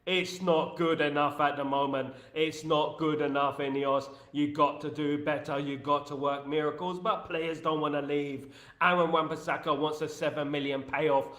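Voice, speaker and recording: A man's voice: a little high, fairly bright tone. A man hosting a live stream, ranting with energy and opinions and greeting viewers in the chat. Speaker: host of a fan live stream. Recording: roomy echo.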